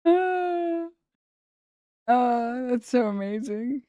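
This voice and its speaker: A woman's voice: on the high side, expressive, extremely slow, warm tone, clean tone, dry recording, muffled recording. A young adult woman hosting a live stream, chatting casually in slangy, profane, irreverent banter. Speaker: streamer host.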